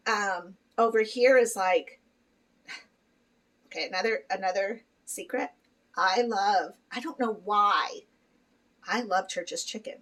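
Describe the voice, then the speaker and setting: A middle-aged woman chatting candidly to her viewers in a casual vlog, full of fillers and quick laughs. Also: mid-range voice, a bit bright, far from the mic, poor audio. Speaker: vlogger. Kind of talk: casual chat to camera.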